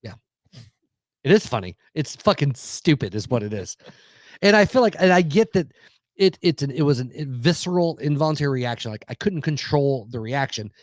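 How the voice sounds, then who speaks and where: A man's voice: a little high, animated, normal speed, no room sound, studio quality. A man, telling a heated, profanity-laced story in casual podcast chat. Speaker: podcast co-host.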